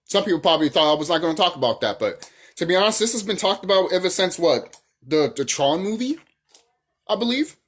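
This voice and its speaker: Husky, animated ranting vlogger. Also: mid-range voice, brisk. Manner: profane, heated, full of rhetorical questions; repeats phrases for emphasis. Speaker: channel host. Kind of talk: casual ranting monologue.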